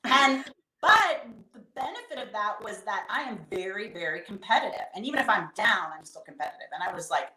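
A middle-aged woman being interviewed, telling candid stories and acting out quoted lines in a lively conversational way. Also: mid-range voice, brisk, reverberant, low-quality recording. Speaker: guest, event company founder.

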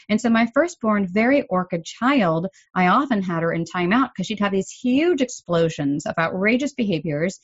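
Middle-aged woman doing a solo parenting podcast, earnest and explaining, lowish voice, dry dull mic. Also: dry recording. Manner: earnest, explanatory, gently emphatic.

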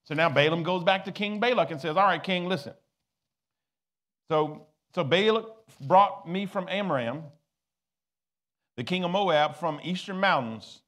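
A man's voice: a little high, lively intonation, unhurried. A man pastoring a church, preaching a sermon and calling on the congregation to answer back. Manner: preaching, rising to loud exhortation, calling for responses. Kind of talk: sermon with audience call-and-response.

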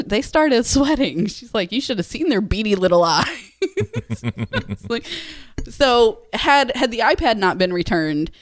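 Podcast co-host: a lively woman who tells stories with lots of laughs, recorded dry. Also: on the low side, no room sound. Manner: animated, laughing, acts out quotes. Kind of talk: casual storytelling chat.

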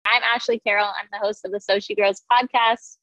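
A woman's voice: mid-range voice, little pitch movement, a little fast, pushed and bright, dry recording, rough recording. A woman talking as a podcast guest in a casual group chat, peppy and upbeat.

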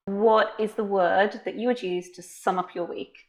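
A woman hosting a podcast, earnestly reading her intro and then chatting warmly with a friend, cheering her on and laughing often. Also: medium pitch, steady tone, moderate pace. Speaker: podcast host. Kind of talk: scripted intro, then casual chat.

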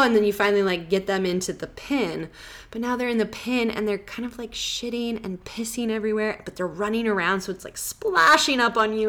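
A woman's voice: medium pitch, fairly quick, a bit bright. A woman hosting a podcast, telling travel stories in a rambling, casual way, full of fillers. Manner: rambling, full of "like" and "you know". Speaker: podcast host.

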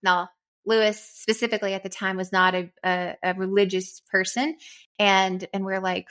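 A woman's voice: medium pitch, little pitch movement, moderate pace, fairly bright tone. A middle-aged woman, a company co-founder, telling a personal story in an interview and acting out the quoted dialogue.

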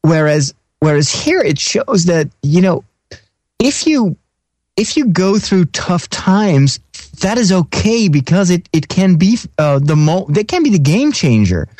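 A man's voice: sits high, very animated, a little slow, a little mellow, no echo. A man co-hosting a podcast, speaking reflectively and hesitantly, with stammers. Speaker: podcast co-host. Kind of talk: casual podcast chat.

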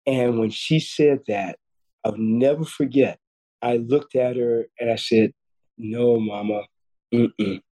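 A man's voice: medium pitch, a little slow, mellow, rough recording. A man in his fifties, a podcast guest, telling a personal story in an earnest way, often repeating words as he goes. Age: 50s. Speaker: guest surgeon.

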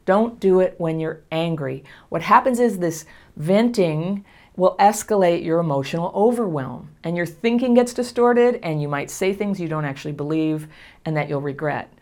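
Gentle woman teaching emotional regulation. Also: on the low side, lively intonation, normal speed. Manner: gentle, reassuring, laughs often. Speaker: therapist teaching about trauma recovery. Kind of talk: casual spoken lesson to camera.

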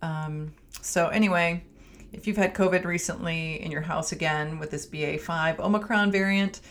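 A woman's voice: on the low side, steady tone, normal speed. A middle-aged woman, hosting her own podcast as a family physician and talking in a chatty, homey way with many ums and restarts. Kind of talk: casual solo podcast talk.

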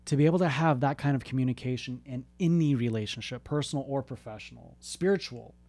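A man's voice: medium pitch, quick pace, warm tone, no echo. Blunt, profane man giving a fired-up pep talk. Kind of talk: candid motivational talk.

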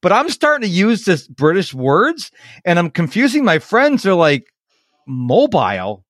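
A man's voice: high voice, sing-song, normal speed, fairly bright tone, no room sound, clean studio sound. An American man hosting a podcast, chatting casually and eagerly, often repeating himself. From Rochester, New York. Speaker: podcast host. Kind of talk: casual interview chat.

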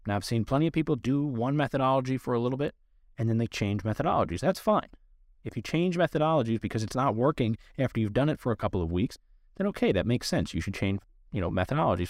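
A man's voice: medium pitch, dry recording, clean studio sound. A man who trains dogs, explaining training rules to listeners in an earnest, direct instructional way. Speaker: dog trainer. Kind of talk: instructional podcast talk.

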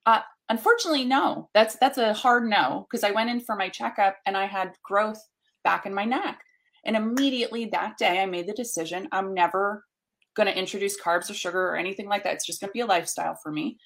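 A woman's voice: medium pitch, fairly quick, fairly bright tone. A woman coach being interviewed, speaking in an upbeat, emphatic way and explaining with examples. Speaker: guest, coach. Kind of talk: conversational interview.

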